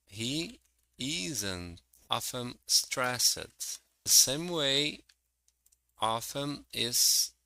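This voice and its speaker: Male English teacher, very slow and careful, bright forceful tone, walks through examples. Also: medium pitch, no echo, poor audio. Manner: slow, careful and explanatory, reading out example sentences. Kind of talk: slow, deliberate grammar lesson.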